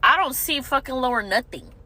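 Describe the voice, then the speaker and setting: A woman's voice: high-pitched, animated, a little fast, bright, forceful tone, low-quality recording. A woman giving a blunt, exasperated, profane opinion in a casual chat.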